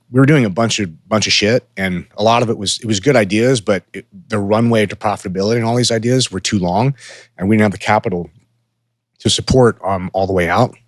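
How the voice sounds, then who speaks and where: A man's voice: on the low side, no room sound, clean studio sound. A man in his thirties, co-hosting a podcast, telling a hard business story in a casual, profane way and acting out his own past words. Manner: profane, candid, animated when quoting himself. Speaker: podcast co-host.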